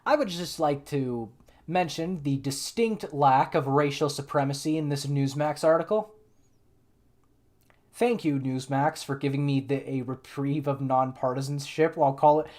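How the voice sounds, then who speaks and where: A man's voice: a little high, moderate pace, darkish tone. Guy doing live political commentary, sarcastic, keeps restarting sentences. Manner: sarcastic, exasperated asides; thinks aloud with frequent restarts.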